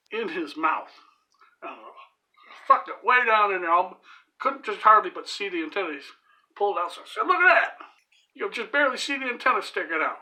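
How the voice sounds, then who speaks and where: A man with a bright, forward voice tells a rambling, vulgar anecdote in a home cooking vlog. He swears freely and laughs his way through it. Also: high voice. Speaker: home cooking channel host. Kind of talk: crude storytelling while cooking.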